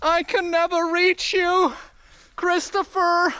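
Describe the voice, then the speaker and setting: A man voicing a whiny leashed female dog who pleads for attention, in a high, pleading mock voice. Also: little pitch movement, slow, bright, forceful tone, a little hiss or hum, exaggerated voice. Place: outdoors.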